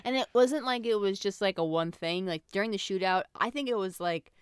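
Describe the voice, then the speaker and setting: A young woman co-hosting a casual movie podcast, expressive and quick to laugh. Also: mid-range voice, smooth, no room sound, studio quality. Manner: giggly, expressive. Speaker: podcast co-host. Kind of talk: casual chat.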